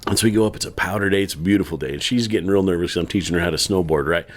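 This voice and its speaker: A man co-hosting a podcast, telling a story in a casual, animated way with laughter. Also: low-pitched, very fast. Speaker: podcast co-host.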